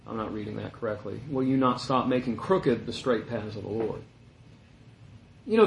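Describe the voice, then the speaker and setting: Conversational preacher man in an echoey room. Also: medium pitch. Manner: conversational, anecdotal, shifts between loud and hushed. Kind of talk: sermon.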